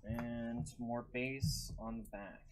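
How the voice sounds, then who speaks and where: A man hosts a live card-break stream in a mid-pitched voice. He calls out each card as it comes up and stops to greet viewers by name in an easy, chatty way. There is a faint hiss and some clicking behind him. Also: fairly even intonation, takes it slowly.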